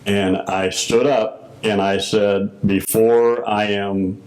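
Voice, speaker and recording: An older man from the United States recalls past events in a slow, storytelling way, acting out the exchanges he quotes. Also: fairly low pitch, little pitch movement, darkish tone, rough recording. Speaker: former Masonic grand master. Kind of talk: oral history recollection.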